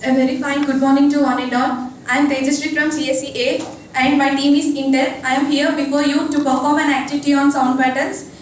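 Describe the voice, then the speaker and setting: A woman's voice: high-pitched, level tone, a little fast. A young woman student, reciting a formal classroom presentation. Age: young adult. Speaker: college student. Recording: echoey room, distant mic, faint hiss.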